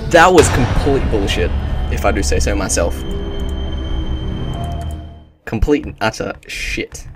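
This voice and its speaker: Excitable, cursing man playing a game. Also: fairly low pitch, moderate pace, over music. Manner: excitable, swearing, jokey, bursts into shouts. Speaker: gameplay commentator. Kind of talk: casual gameplay commentary.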